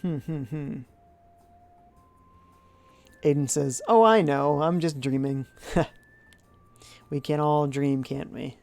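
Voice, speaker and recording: A gravelly-voiced game streamer talks through play in a loose, chatty way, reading viewer messages aloud and answering them. Thoughts come out half-formed, with hums while weighing choices. Soft music sits faintly in the background. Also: mid-range voice, slow, pauses often. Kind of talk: live-stream gameplay commentary, reading chat aloud.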